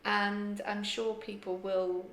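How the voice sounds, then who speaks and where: A woman's voice: mid-range voice, flat delivery, slow pace, crowd noise. A woman co-hosting a casual podcast chat, reflective and a bit hesitant, searching for her words as she talks. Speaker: podcast co-host and tarot reader. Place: kitchen table at home. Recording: echoey kitchen room.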